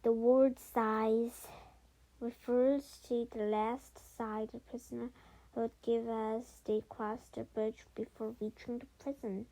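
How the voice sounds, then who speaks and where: Woman, storybook reading, slow, mellow tone, frequent slips and self-corrections. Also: on the high side, low-quality recording. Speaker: storybook reader. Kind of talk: reading a children's book aloud.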